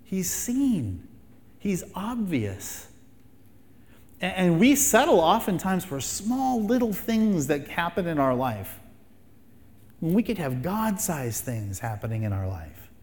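A pastor with a slightly high voice preaches to his church, pressing his points with rhetorical questions and phrases that he repeats. His sermon rings out with a long reverb, as in a large hall. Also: big pitch swings, slow pace, darkish tone.

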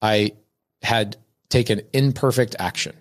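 A man's voice: lowish voice, measured pace. A man guest casually telling a story about his early business, acting out quoted people. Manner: acts out quoted people with a raised voice; self-correcting restarts. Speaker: real estate investor guest.

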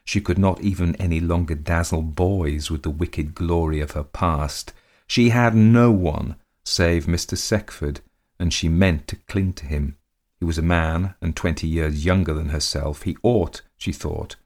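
A man reading a period story aloud in measured, dramatic scripted narration. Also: deep voice, darkish tone.

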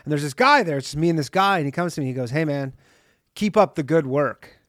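A man's voice: on the high side, animated, racing, fairly bright tone, no room sound, clean studio sound. A man co-hosting a podcast, telling a funny story casually and laughing along. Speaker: podcast co-host. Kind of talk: casual comedic chat.

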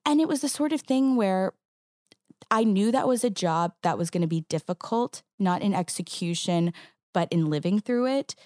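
A woman stage actress chatting as an interview guest, telling stories in an animated way with quick restarts. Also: medium pitch, no echo, clean studio sound. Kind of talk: casual interview chat.

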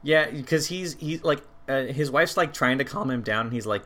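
A man's voice: mid-range voice, moderate pace, few pauses. A man co-hosting a podcast, chatting casually about a movie and swearing often. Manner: animated, frequent swearing. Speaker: podcast co-host. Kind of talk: casual chat reviewing a movie.

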